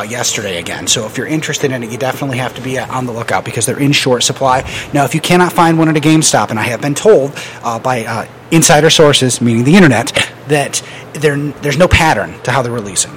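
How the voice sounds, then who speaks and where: A man's voice: medium pitch, a little hiss or hum. Chatty man running a podcast news segment. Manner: loose, joking news rundown with many fillers. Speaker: podcast host. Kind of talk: casual podcast chat.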